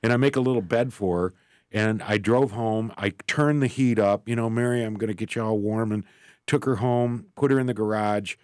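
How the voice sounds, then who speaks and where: A man's voice: medium pitch, normal speed, a little mellow, dry recording, clean studio sound. A man guest telling a personal story in an interview, earnest and rambling, acting out the voices he quotes. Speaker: author and guest.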